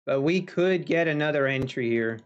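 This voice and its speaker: A man's voice: on the high side, clear, resonant tone, lo-fi sound. A man live-streaming futures trading, chatting casually with viewers and talking to the market. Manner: talks to the market and chat, drawn-out pauses.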